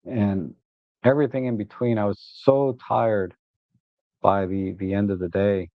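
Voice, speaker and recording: A man's voice: lowish voice, measured pace, no room sound. A man hosting a photography livestream, talking casually and rambling through his shots, sometimes getting worked up and laughing. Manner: chatty and rambling, with frequent "uh" and repeated starts; gets animated and exasperated when griping, with laughs. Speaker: photography channel host. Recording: dry, phone-like narrow sound.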